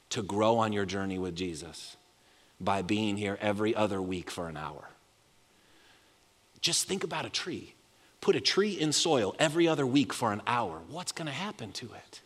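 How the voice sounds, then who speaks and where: A man's voice: sits high, a bit bright. A man preaching a sermon as pastor, leading the congregation in call-and-response. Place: large church hall. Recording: long hall reverb.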